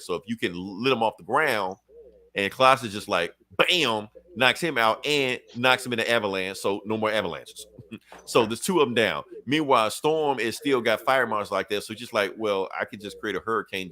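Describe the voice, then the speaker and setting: A man co-hosting a podcast, casually recapping a comic with profanity, laughing and acting out characters' lines. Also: fairly low pitch. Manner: animated retelling, acts out characters' lines, profane, laughs often. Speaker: podcast co-host.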